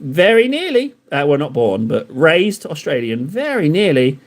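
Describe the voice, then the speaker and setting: A man's voice: a little high, big pitch swings, normal speed. A man with a slightly raised voice chats to his live audience while he paints miniatures. He rambles from one thought to the next, teasing viewers and poking fun at himself in loose, playful banter. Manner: rambling, joking banter with chat; self-deprecating. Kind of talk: casual live-stream chat while painting.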